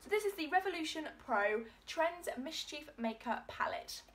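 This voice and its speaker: A young woman hosting an excited beauty unboxing vlog, gasping and gushing as she talks. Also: sits high, normal speed. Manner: gushing, gasping, lots of "oh my god". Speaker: beauty vlogger.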